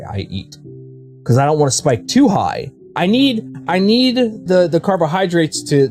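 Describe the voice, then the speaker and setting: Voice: medium pitch, darkish tone. A game streamer chatting casually with viewers, telling stories frankly, with swearing and many restarts.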